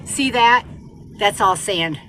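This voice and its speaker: A woman's voice: mid-range voice, expressive, slow pace, a bit bright. A woman vlogging casually into her handheld phone from inside a bus home during a sandstorm, chatty and exclaiming, with rambling asides. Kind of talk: casual vlog talk to camera. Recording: storm noise around the bus.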